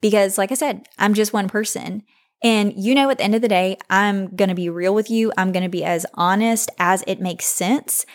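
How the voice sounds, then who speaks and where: A woman's voice: mid-range voice, moderate pace. A young woman hosting her own podcast, talking to listeners in an earnest, heartfelt way about faith. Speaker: podcast host. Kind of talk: solo podcast talk.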